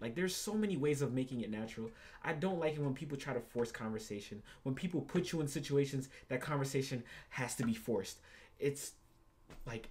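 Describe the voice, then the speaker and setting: A man's voice: mid-range voice, darkish tone, slight background noise. A young man hosting a reaction video, ranting casually and profanely, repeating himself and calling the listener bro.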